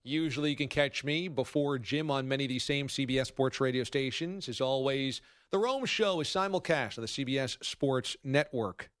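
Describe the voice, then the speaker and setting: A man hosting a sports talk radio show, telling stories in a wry, animated way. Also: mid-range voice, moderate pace, no room sound, clean studio sound.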